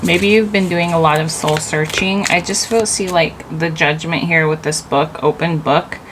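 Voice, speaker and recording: A woman's voice: deep voice, steady tone, normal speed, background noise. A woman giving a casual, intuitive tarot reading, rambling loosely and leaning on filler words as she goes. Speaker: tarot reader.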